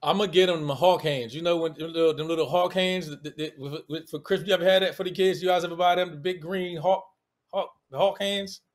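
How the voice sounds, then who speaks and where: This is a man with a high voice and a D.C. accent, chatting about college basketball. He is animated and playful, quick to needle the others at the table. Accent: Washington D.C. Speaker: basketball analyst. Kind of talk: casual sports chat.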